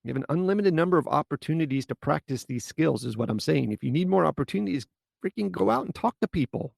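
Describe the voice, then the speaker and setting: A man hosts a solo coaching podcast and speaks in a blunt, casual way. His voice is deeply gravelly and husky. The recording is dry and close. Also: expressive, quick pace, a little mellow, dry recording. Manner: blunt, casual, mild swearing. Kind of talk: solo podcast advice talk.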